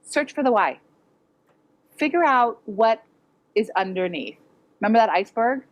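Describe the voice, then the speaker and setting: A woman's voice: on the high side, lively intonation, normal speed, lo-fi sound. A woman educator giving a direct, practical conference talk to parents. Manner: direct, practical, acts out quoted voices. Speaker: educator presenting. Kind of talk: conference presentation. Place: conference hall with audience.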